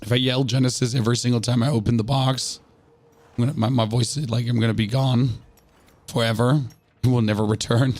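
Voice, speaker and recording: A man with a hoarse, sick voice doing live gameplay commentary as a streamer, rambling, joking and chatting to viewers with stammered restarts. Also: medium pitch, steady tone, a little fast, a little mellow, dry recording. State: hoarse from illness.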